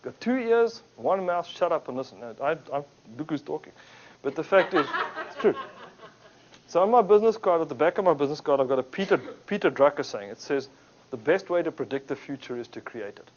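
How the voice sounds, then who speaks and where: Lively man telling business stories. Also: on the high side, fairly quick. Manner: animated storyteller, acts out quotes. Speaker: speaker at a business talk. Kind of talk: anecdotal business talk. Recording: dull lo-fi recording.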